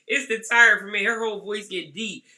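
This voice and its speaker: A woman's voice: mid-range voice, fairly even intonation, bright, forceful tone. A woman co-hosting a podcast, teasing her friend in casual chat. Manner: teasing, quick back-and-forth. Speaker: podcast co-host.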